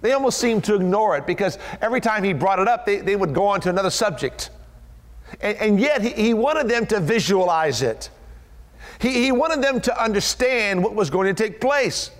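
A man preaching a sermon, retelling a scripture story with lively, dramatic delivery and acting out the voices. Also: sits high, normal speed, in a large hall.

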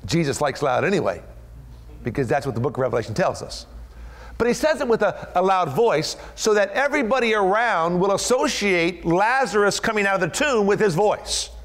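A man preaching a sermon, retelling a scripture story with lively, dramatic delivery and acting out the voices. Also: high voice, a little fast, long reverb tail.

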